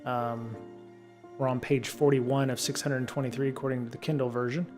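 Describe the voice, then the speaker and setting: A middle-aged man hosting a live stream. He reads from a programming book at a steady pace, then drifts into loose chat full of ums and restarts. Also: medium pitch, normal speed. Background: faint guitar music.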